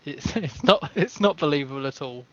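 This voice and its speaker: A man's voice: a little high, expressive, brisk, no echo. A man co-hosting a casual film review podcast, agreeable and easygoing, with some swearing. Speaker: podcast co-host. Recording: dull lo-fi podcast audio.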